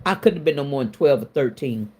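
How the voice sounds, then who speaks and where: Middle-aged woman, stream host, lively storyteller with a wide-ranging pitch and a colloquial, self-mocking delivery. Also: quick pace, slightly rough. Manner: animated, laughs often, colloquial and self-mocking. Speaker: livestream host. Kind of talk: casual storytelling to a live chat.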